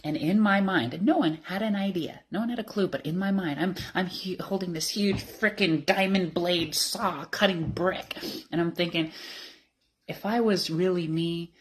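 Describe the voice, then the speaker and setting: A woman's voice: lowish voice, moderate pace. A woman in her thirties telling her life story candidly and emotionally, laughing often. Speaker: interviewee. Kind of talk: personal storytelling.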